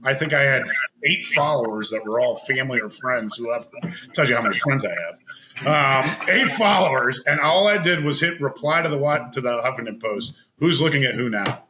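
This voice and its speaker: A man telling a long personal story in casual chat as a podcast guest, animated and laughing, acting out what others said. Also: mid-range voice, fairly quick, noisy background. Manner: animated, laughing, acts out quoted voices.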